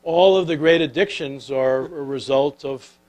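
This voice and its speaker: In a low-quality recording, a man with a fairly high voice tells stories to an audience and draws life lessons from them. He starts out animated, then turns soft and intimate, often filling pauses with "uh."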